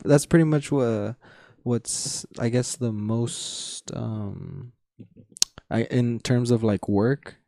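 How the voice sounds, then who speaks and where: A man's voice: mid-range voice, slow, creaky, mellow, dry recording, studio quality. A young man co-hosting a podcast, chatting casually and rambling with fillers, restarts and frequent laughs. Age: young adult. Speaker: podcast co-host. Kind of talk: casual chat.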